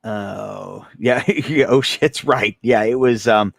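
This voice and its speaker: Rambling man with a low, dry voice. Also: slow pace, vocal fry, no echo. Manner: rambling and self-deprecating, reading chat and laughing often. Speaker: gun channel host. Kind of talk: casual live-stream chat.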